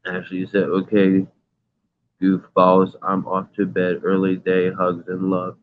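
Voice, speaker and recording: A man's voice: deep voice, completely flat delivery, slow pace, slight background noise. A man hosting a casual livestream from his phone, reading chat comments aloud and talking in a rambling, earnest, emphatic way. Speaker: livestream host. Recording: tinny phone audio.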